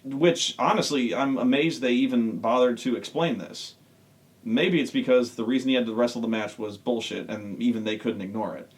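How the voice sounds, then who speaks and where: A man's voice: mid-range voice, normal speed. Sarcastic man ranting about wrestling. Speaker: online wrestling reviewer. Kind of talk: casual ranting commentary.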